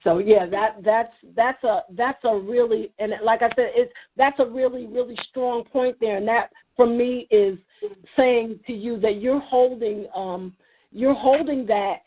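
Over a tinny phone line, a woman with a somewhat high, slightly rough voice leads a faith roundtable at a measured pace. She talks earnestly in a casual discussion, with many restarts and fillers.

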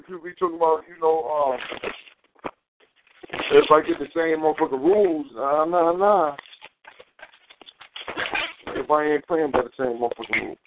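A man's voice: fairly high pitch, background noise. A man hosting a casual live talk show, ranting in a heated, profane, rambling way. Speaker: show host. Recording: tinny phone-quality audio.

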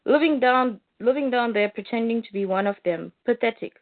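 A woman's voice: on the high side, brisk, natural voice. A woman voicing a brash, crude male alien bounty hunter in a comic-book recap, boastful and mocking, on a narrow phone-like line. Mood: taunting.

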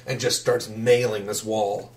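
A man's voice: on the low side, level tone, unhurried. A man narrating as game master of a tabletop game, describing the scene in a casual, matter-of-fact way. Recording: distant noisy mic.

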